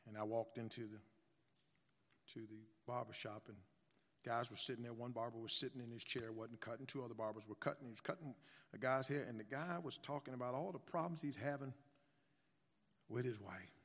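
A man preaching a sermon as pastor, telling a story softly, then building into emphatic, repetitive exhortation. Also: medium pitch, brisk, in a large hall.

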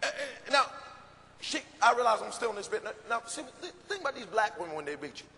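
A man doing stand-up comedy, telling an animated story and acting out scenes on stage. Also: high-pitched, fast, gravelly, slight background noise. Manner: animated, acts out scenes, gasps and shouts. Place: stage before a live audience. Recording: live hall with audience ambience.

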